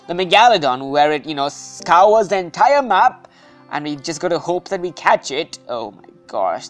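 A woman giving casual gameplay commentary, excitable and anxious, often calling out "dude". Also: sits low. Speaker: gaming video host.

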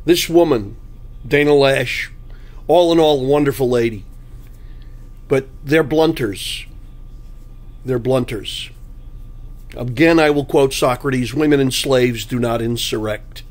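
A man's voice: mid-range voice, normal speed. A man delivering a blunt, combative political monologue, full of anecdotes. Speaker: political commentary host.

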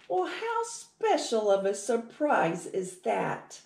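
Slow, animated woman reading to kids. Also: fairly high pitch, creaky, echoey room. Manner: animated and sing-song, asks the children questions. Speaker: children's storytime reader. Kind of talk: reading a picture book aloud to children.

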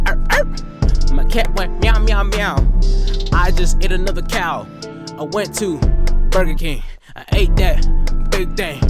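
A cocky young rapper on his way up, bragging and chanting his own name in a comedy mockumentary, played by a man. His voice sits high and carries easily, and music plays beneath him. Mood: rapping.

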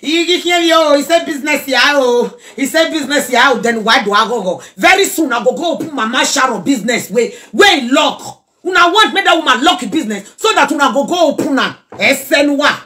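A woman with a Nigerian accent delivers a heated, preachy reaction rant in Pidgin. Her voice sits high and bright. She mixes in another local language and breaks into song now and then. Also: animated, a little fast, hardly any pauses.

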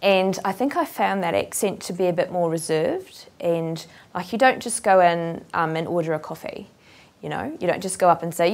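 A woman actress and accent coach talking openly and at length, animated and straightforward, thinking aloud with ums. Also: fairly low pitch, normal speed. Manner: open, straightforward, talkative. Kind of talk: casual interview talk.

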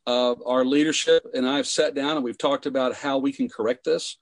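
A man, a pastor, answering in a podcast interview, speaking haltingly with many fillers. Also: mid-range voice, fairly even intonation, vocal fry, no room sound.

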